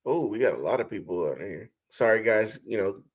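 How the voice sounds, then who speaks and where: A man's voice: on the low side, expressive, a little fast, breathy edge. A man hosting a casual livestream, greeting viewers and reading their comments aloud. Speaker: livestream host reading chat.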